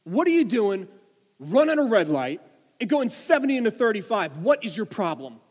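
A man's voice: high voice, very animated, normal speed, darkish tone, big-room sound, voice pushed up. A man barking as an angry state trooper. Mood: scolding. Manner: barking questions. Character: irritated stern male state trooper.

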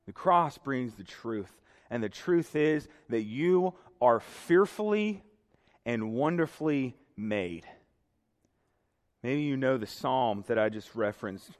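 A man's voice: medium pitch, expressive, slow. A young man preaching a sermon to a congregation, earnest and emotional. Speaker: pastor. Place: church sanctuary. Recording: reverberant hall.

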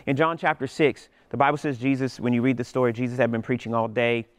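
Smooth-voiced preacher man. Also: medium pitch, fairly quick, no echo. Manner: lively storytelling preacher. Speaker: pastor. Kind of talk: sermon.

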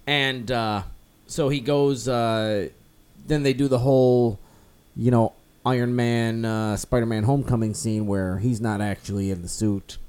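A man's voice: mid-range voice, fairly even intonation, measured pace, a little mellow, clear, resonant tone. A man co-hosting a comic book podcast, talking casually and rambling with many fillers and restarts. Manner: rambling, lots of "like" and restarts, acts out characters loosely. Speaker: podcast co-host.

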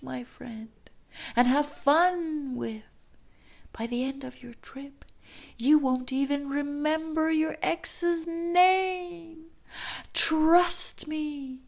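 A woman's voice: high-pitched, creaky, darkish tone, pitched above the performer's own voice, full character voice. A woman voicing a playful, insistent female friend who coaxes in a half-whispered tone.

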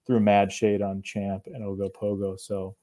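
A man's voice: lowish voice, flat delivery, a little slow, mellow. A young man from northern Appalachia, co-hosting a casual chat in a laid-back, rambling way with frequent chuckles. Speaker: co-host of a cryptid show.

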